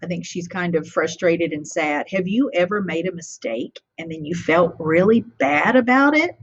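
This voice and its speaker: A woman teacher reading a picture book to children, pausing often to ask them questions. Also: lowish voice, lively intonation, breathy edge, lo-fi sound. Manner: warmly interactive, asking children questions.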